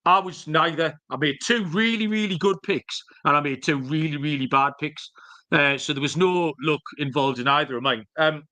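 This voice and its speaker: A man's voice: on the high side, pushed and bright. A man co-hosting a podcast, telling jokey, rambling stories with the odd swear word. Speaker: podcast co-host. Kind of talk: casual chat.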